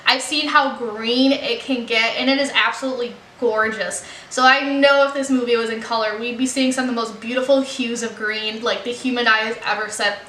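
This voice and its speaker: Bright, high-voiced young woman reviewing a film. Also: slight background noise. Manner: chatty, earnest, many "like" and "you know" fillers. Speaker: movie reaction vlogger. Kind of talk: casual film review chat. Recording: roomy echo.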